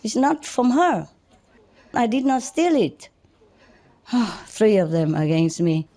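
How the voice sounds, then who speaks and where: Woman teacher, mid-pitched, chatty, halting storytelling full of restarts and light laughter. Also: very animated, warm tone. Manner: halting, many restarts and chuckles. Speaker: spiritual teacher. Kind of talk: personal storytelling to an audience.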